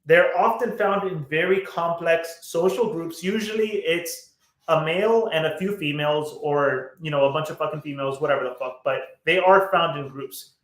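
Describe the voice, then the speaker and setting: A man's voice: fairly high pitch, normal speed, fairly bright tone, roomy sound. A man co-hosting a podcast in casual chat, blunt and swearing often, with lots of fillers and restarts. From United States. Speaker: podcast co-host.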